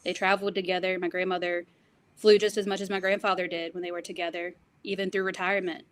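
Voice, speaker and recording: A woman's voice: on the low side, little pitch movement, fast. A woman guest in an interview, telling family stories in an affectionate, conversational way.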